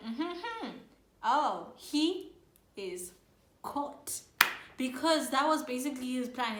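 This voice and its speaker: A woman hosting her own channel, casually and jokingly retelling a play's plot in slangy asides, slipping into quick voices for the characters. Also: fairly high pitch, fairly bright tone, roomy sound. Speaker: channel host. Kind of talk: comedic casual plot summary.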